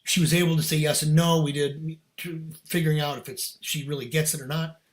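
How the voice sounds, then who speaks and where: A man's voice: on the high side, fairly even intonation, a little fast. A middle-aged man, a podcast guest, telling a personal story in casual, earnest, emphatic talk with slang.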